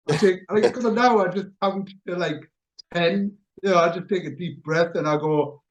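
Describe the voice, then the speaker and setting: High-voiced chuckling man. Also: normal speed, muffled recording. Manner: animated storyteller, chuckles at himself. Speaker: radio show host. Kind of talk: casual chat.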